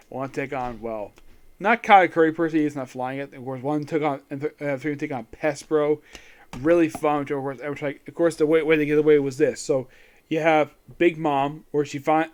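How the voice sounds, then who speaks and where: Guy rambling through an anime recap, kinda high voice, super clean and smooth sound. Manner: rambling, loose, peppered with "of course" and "yep". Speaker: anime reviewer. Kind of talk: casual solo episode recap.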